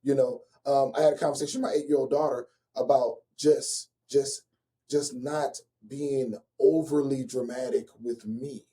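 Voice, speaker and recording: A man in his forties, a guest and relationship coach, telling personal stories slowly and earnestly and turning lively for the funny parts. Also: mid-range voice. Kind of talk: reflective personal storytelling.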